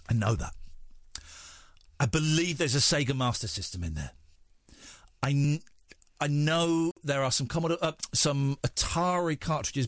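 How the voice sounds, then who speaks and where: A man's voice: medium pitch, dry recording, clean studio sound. A man with an English accent hosting a radio show, rambling and self-mocking in casual chat. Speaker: radio host.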